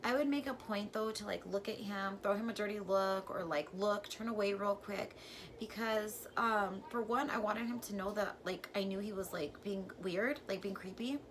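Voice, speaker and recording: A woman vlogger telling a personal story in a casual, chatty way, full of "like" and with sudden jumps from quiet to loud. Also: medium pitch, moderate pace, slight background noise. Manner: chatty and filler-heavy, says "like" constantly; animated, with sudden swings from hushed to loud.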